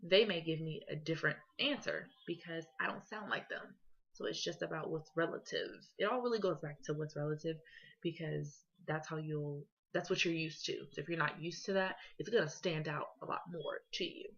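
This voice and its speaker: Low-voiced young woman, casual class talk. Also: brisk, vocal fry, a bit bright. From Columbus, Ohio. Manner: casual, conversational, with many fillers and "you know"s. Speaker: student presenter. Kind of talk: class presentation. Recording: dull lo-fi recording.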